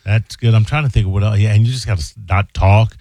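A man's voice: lowish voice, fairly even intonation, fast, dark tone, no echo, studio quality. A male radio co-host who teases and laughs along in casual chat. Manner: laughing, teasing.

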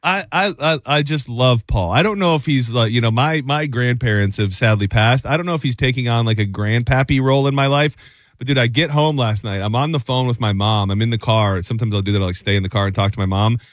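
A man's voice: mid-range voice, quick pace, dry recording, clean studio sound. A young man co-hosting a morning show in casual banter, rambling, stammering and repeating himself in a playful way. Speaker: radio co-host.

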